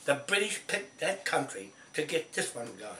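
A man's voice: on the high side, very animated, moderate pace, pushed and bright. A man with a New Zealand accent delivering an angry, profane monologue as a land claimant, ranting and coughing now and then. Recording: roomy, distant mic, faint noise.

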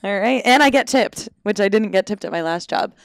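A woman's voice: medium pitch, animated, brisk, creaky, no room sound, studio quality. A young adult woman, a podcast guest, chatting casually and playfully, laughing often. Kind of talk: casual chat.

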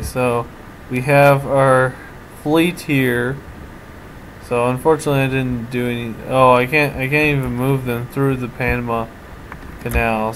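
A man at a middle pitch talks through his moves in a strategy game, thinking aloud and restarting his sentences. A steady hum of background noise runs under his voice. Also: poor audio. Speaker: let's play commentator. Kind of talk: casual strategy game commentary.

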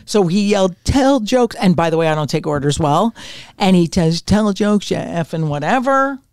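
A woman in her sixties, a retired comedian and podcast guest, telling stories in a brash, profane, animated way. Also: on the low side, brisk, dry recording, studio quality. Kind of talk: casual storytelling. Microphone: podcast mic on camera.

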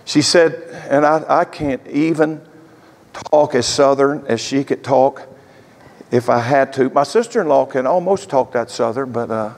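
A man's voice: mid-range voice, a little slow, a little mellow. An older man in his sixties, a pastor preaching a sermon as an earnest storyteller. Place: church sanctuary. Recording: echoey church hall.

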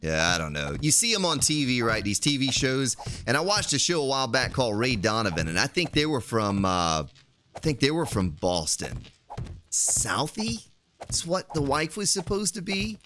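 A man's voice: medium pitch, very animated, brisk, bright, forceful tone, a little hiss or hum. A man streaming a video game, chatting casually and rambling to his viewers. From United States. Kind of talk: casual live-stream commentary.

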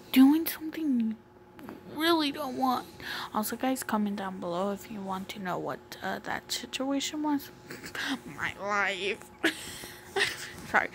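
Brief: a slow-talking, rambling woman vlogger who slips into half-whispers, on noisy home audio. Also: a little high, creaky. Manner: rambling, filler-heavy, often half-whispered. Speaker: YouTuber. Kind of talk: casual comic-reading vlog.

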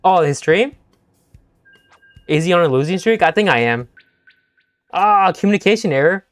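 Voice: medium pitch, animated, normal speed, no room sound, soft background music. A young-adult game streamer chatting playfully with viewers during a live session, laughing often and teasing the chat.

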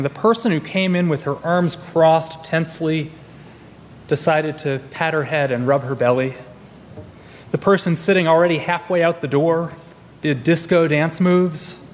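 A man's voice: a little high, a little hiss or hum. A man in his forties preaching a sermon as a minister, telling stories in a conversational way with restarts. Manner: conversational storytelling with many restarts. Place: church sanctuary. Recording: long reverb in a large hall.

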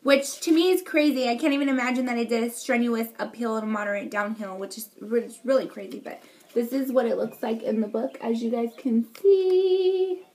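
Young woman vlogger, slightly high voice, excitable, rambling casual storytelling. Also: brisk. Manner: chatty, excitable, lots of fillers and swearing. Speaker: beauty vlogger.

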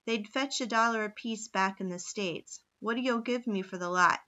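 A woman voicing a loud, brash frontier auctioneer who rattles off repeated bids. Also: high-pitched, normal speed. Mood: hawking.

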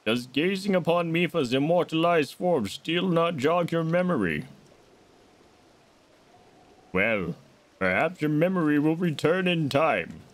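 Guy doing a slow lowish voice for an old fish king, formal and stately, pitch bouncing around a lot. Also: big pitch swings. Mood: wistful. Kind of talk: voicing game dialogue on a stream.

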